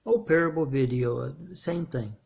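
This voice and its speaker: A man telling a meandering story in a halting monologue, restarting his phrases often. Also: medium pitch, gravelly, breathy edge, dull audio. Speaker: self-made video preacher.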